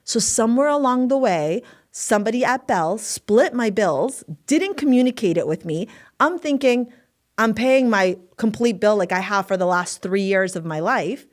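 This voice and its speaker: Woman, podcast guest, casual storytelling, animated, swears freely, mid-pitched voice. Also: moderate pace. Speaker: podcast guest, manifestation coach.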